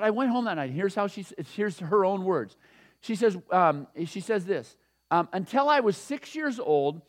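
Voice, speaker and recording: A man in his sixties preaching a sermon, animated and repetitive, laughing often. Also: high-pitched. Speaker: pastor.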